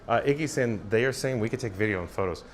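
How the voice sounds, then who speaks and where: Walking outdoors through a theme park, a man hosts a live stream, reading chat aloud and replying emphatically while repeating viewers' names. His voice is on the low side and quick, with a little background noise.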